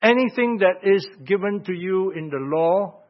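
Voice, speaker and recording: A man preaching an expository sermon, reading scripture aloud in King James wording and swinging between loud emphatic phrases and quiet asides. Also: high-pitched, moderate pace. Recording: dull lo-fi sound.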